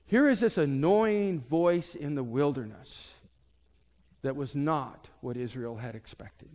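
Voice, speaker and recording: A man preaching a sermon as pastor, telling a story and swinging from loud to hushed. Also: sits high, unhurried, clear, resonant tone, big-room sound.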